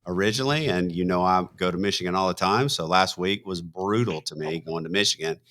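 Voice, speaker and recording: A man's voice: sits low, brisk. A man co-hosting an online talk show over a video call, chatting casually and rambling a little, with an easy laugh. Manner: relaxed, laughs easily, rambling. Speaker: co-host. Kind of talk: casual chat.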